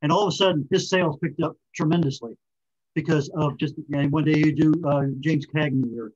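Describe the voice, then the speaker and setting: A man's voice: fairly high pitch, steady tone, a little fast, darkish tone, breathy edge, highs cut off. A man hosting an interview, chatty and telling stories, over a video call. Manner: chatty, storytelling. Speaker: interview host. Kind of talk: casual interview talk.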